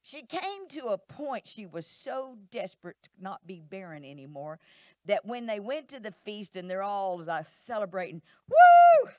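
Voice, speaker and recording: A woman's voice: medium pitch, big pitch swings, moderate pace, no room sound, studio quality. A middle-aged woman pastor, preaching animatedly in church and acting out voices. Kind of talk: sermon.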